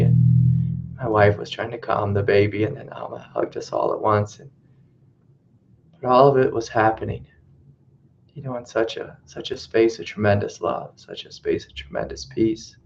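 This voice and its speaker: A man's voice: fairly low pitch, normal speed, vocal fry, darkish tone, slight background noise. A man who is a spiritual teacher, telling a story in a reflective way and often repeating his phrases. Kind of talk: satsang teaching talk. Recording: dull lo-fi webcast audio.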